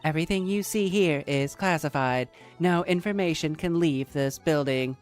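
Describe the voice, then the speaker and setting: Stiff robot-voiced gatekeeper for a game read-through, put on by a woman, flat monotone. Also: low voice, moderate pace, soft background music, lightly acted. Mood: cold robotic. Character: robotic stern female office worker.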